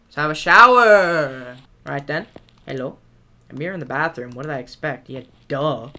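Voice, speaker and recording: At a moderate pace and in a mid-range voice, a gaming creator reads a horror game's on-screen text aloud and jokes back at it, occasionally yelling playfully during tense moments.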